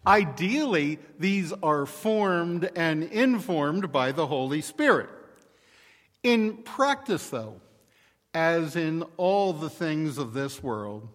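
A male pastor preaching a sermon in a deliberate, measured way. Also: a little high, long reverb tail.

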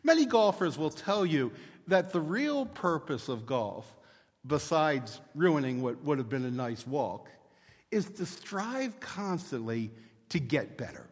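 A male pastor preaching a sermon in a measured, storytelling manner. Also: fairly high pitch, big pitch swings, in a large hall.

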